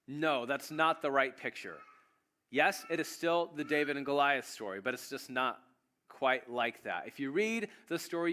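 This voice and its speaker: A pastor preaching a sermon, retelling a story in an animated, joking, conversational way. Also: male voice, fairly high pitch.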